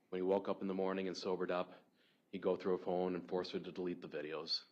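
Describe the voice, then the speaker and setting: A man giving a courtroom opening statement to a jury in a measured, persuasive way. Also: sits low, muffled recording. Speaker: defense attorney.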